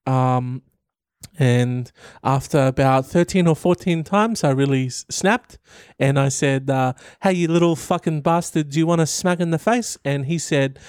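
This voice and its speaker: A man voicing a frustrated middle-aged schoolteacher with a put-on New Zealand accent, rambling and halting as he defends himself. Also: a little high, darkish tone, clear, resonant tone, no echo, clean studio sound, close to an everyday voice. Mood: defensive. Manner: rambling, halting, self-satisfied. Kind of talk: comic impression in a commentary video.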